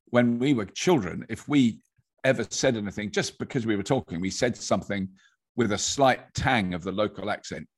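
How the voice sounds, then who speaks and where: An older English man with a fairly posh accent and a husky voice, telling stories in a rambling, casual conversation. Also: fairly low pitch, moderate pace. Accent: English, fairly posh (received pronunciation trained). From England. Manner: rambling, storytelling, with laughs.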